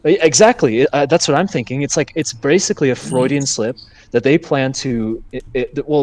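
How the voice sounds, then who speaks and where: Man co-host, animated and emphatic, casual podcast talk, dry close mic. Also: mid-range voice, no echo. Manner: animated, emphatic, stammering restarts. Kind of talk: casual crypto discussion.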